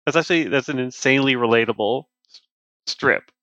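A man co-hosting a comics podcast in casual chat, animated, acting out lines in voices. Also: medium pitch, brisk, no echo, highs cut off. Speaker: podcast co-host.

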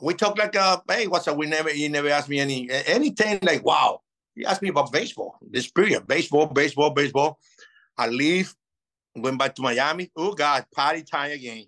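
A man in his fifties, a native Spanish speaker, telling lively stories in a casual interview and acting out old conversations. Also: on the high side, brisk, poor audio. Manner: animated, acts out past dialogue. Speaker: interview guest.

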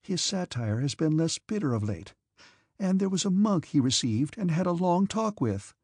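A man voicing a gentle, devout, timid young princess in an audiobook, earnest and pleading. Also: fairly high pitch, big pitch swings, normal speed, breathy edge, dry recording, clean studio sound, voice pushed up, heavily acted. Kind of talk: audiobook character reading.

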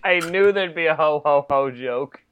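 A man's voice: fairly high pitch, moderate pace, highs cut off, a crowd in the background. A man co-hosting a podcast, trading jokes and laughing through casual chat about a wrestling rewatch. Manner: joking, laughing banter. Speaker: podcast co-host.

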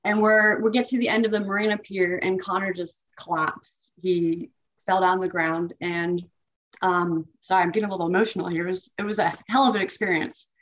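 A woman guest on an interview, recounting a painful personal story in a halting, emotional way with many fillers. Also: mid-range voice. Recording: dull lo-fi audio.

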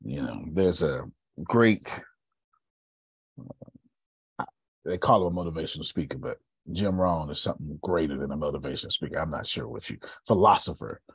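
A man's voice: rumbling low, expressive, normal speed, pauses often, slightly rough, no room sound, studio quality. A man from Texas leading a group call, telling stories and preaching motivation with strong emphasis. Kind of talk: motivational talk.

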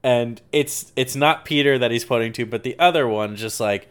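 A man's voice: medium pitch, normal speed, hardly any pauses, a bit bright, clean tone. A man co-hosting a podcast, casually and animatedly retelling movie scenes with frequent laughter. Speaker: podcast co-host. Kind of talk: casual movie-recap chat.

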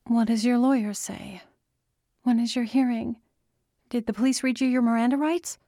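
A woman's voice: lowish voice, mellow, no room sound, clean studio sound. A woman voicing a distraught young woman pleading with her father in an audiobook. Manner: urgent, pleading, rapid questions.

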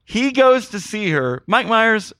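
Speaking slowly in a high, sing-song voice, this podcast co-host sounds bright and forceful as he sarcastically riffs on a bad movie and addresses listeners as "folks." The studio sound is clean with no echo.

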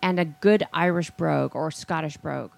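A woman's voice: deep voice, moderate pace, gravelly, noisy background. Playful female radio co-host. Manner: playful, teasing. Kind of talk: casual sports talk.

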